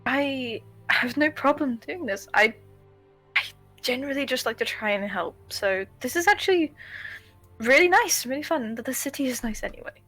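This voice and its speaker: A woman's voice: high-pitched, animated, normal speed, sharp tone, soft background music, rough recording. A woman playing her character in a tabletop game, friendly and easygoing. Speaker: player. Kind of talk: tabletop role-play.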